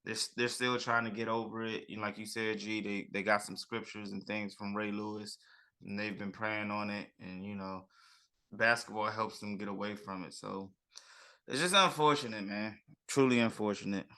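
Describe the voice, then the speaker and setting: Guy on a sports podcast, bright punchy voice, keeps saying man. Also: lowish voice, level tone, normal speed. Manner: repeats himself, says "man" a lot. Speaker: podcast co-host. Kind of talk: casual sports chat.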